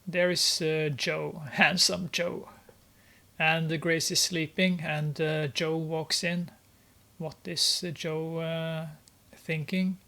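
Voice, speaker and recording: This is a casual film recap delivered at an unhurried, drawn-out pace. The speaker keeps stopping on little filler sounds and sounds openly amused by the story, teasing its characters along the way. The pitch sits in an ordinary middle range. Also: little pitch movement, sharp tone. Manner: halting, with many filler pauses and frequent laughter; amused and mocking. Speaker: movie recap commentator.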